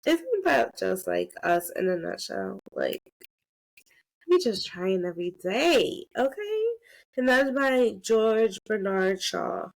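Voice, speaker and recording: Hoarse, gravelly young woman podcast co-host. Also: mid-range voice, very animated, no room sound. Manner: giggly, drawn-out delivery. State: hoarse from a cold. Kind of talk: casual chat.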